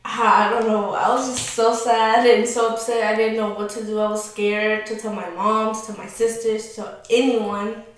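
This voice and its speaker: A woman's voice: on the high side, little pitch movement, moderate pace, hardly any pauses. A young woman in her late teens candidly telling a personal story in casual chat, talking with lots of likes and restarts. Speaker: vlogger. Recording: very echoey room, mic far off.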